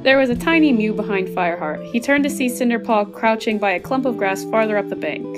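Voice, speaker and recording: A woman reading a passage from a novel aloud as narrator, in a soft, even voice. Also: a little high, quick pace, over music.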